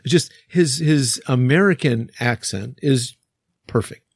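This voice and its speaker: A man's voice: mid-range voice, measured pace, gravelly, breathy edge, no room sound, clean studio sound. A man who teaches English, chatting casually and rambling with fillers and restarts. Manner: rambling, many fillers and restarts, laughs often. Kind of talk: casual podcast chat.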